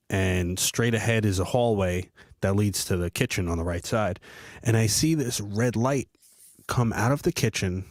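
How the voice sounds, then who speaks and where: A man hosting a podcast, talking in a relaxed, low-key, rambling way over a video call. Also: no room sound, clean studio sound. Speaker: podcast host. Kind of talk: casual chat.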